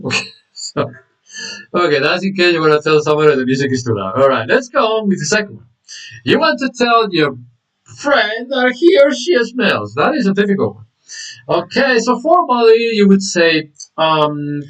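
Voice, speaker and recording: Lively male English teacher, far from mic. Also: normal speed. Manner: lively, acts out example phrases with big pitch jumps. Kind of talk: online language lesson.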